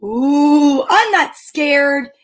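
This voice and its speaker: A woman voicing a small, timid little boy mummy in a storybook reading, with plaintive, slow questioning calls. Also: high voice, animated, exaggerated voice. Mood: timid calling.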